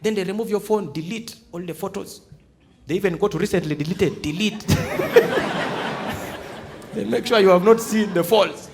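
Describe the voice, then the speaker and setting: A man's voice: high-pitched, normal speed, pauses often. A Ugandan man doing live stand-up comedy on a theatre stage, telling stories and acting out other people's voices. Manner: animated storytelling, acting out voices and shouts. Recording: live stage recording with audience laughter and noise. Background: audience laughter.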